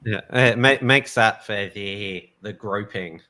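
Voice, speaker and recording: Measured man, slightly low bright voice. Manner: measured, hesitant, repeats words when starting. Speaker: host. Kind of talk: casual chat.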